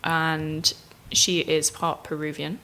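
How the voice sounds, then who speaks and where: A woman's voice: deep voice, flat delivery, slow, pushed and bright, slight background noise. Easygoing woman guest. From Yorkshire, England. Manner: easygoing, chatty, laughs readily. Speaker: guest musician. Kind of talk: casual podcast chat.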